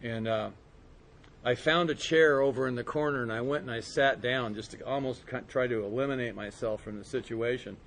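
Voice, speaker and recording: Man, mid-pitched voice, earnest testimony to a group, storytelling, faint background hiss. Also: vocal fry. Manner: earnest storytelling, soft and slow in quiet moments. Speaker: speaker sharing his recovery story. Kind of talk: personal testimony talk to a group.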